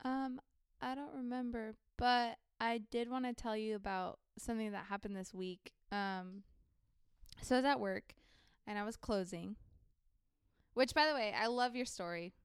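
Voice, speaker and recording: A woman with a strikingly clear, crisp voice, pitched a little high. She chats casually and reacts with eager enthusiasm. The sound is close and dry. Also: fairly even intonation, moderate pace, no room sound. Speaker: podcast co-host. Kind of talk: casual chat.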